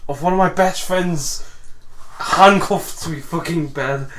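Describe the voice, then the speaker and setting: A young man banters on a podcast with a high voice. He swears freely and fires back quick, cheeky replies. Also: a bit bright. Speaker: podcast co-host. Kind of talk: casual banter.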